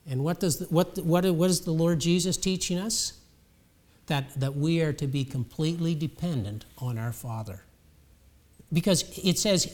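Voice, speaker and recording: A male preacher with a high speaking voice delivers a sermon. He talks in a conversational way and often doubles words as he restarts a thought. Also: moderate pace, a little mellow.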